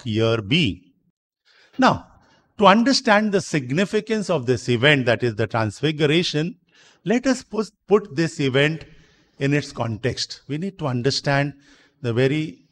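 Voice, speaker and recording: A man preaching a sermon in a church, explaining slowly, repeating himself and asking rhetorical questions. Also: medium pitch. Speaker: priest.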